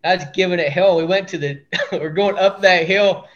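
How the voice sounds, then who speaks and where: A man's voice: high voice, moderate pace, a bit bright. A man from Iowa, a hunting outfitter guest, talking in a laid-back, plainspoken way. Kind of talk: casual chat. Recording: dull lo-fi audio.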